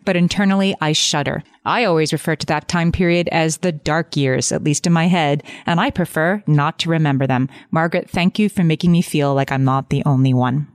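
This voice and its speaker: Woman, podcast co-host, somewhat low voice, earnest, chatty, dry sound. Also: fairly quick, few pauses, dry recording. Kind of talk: casual chat.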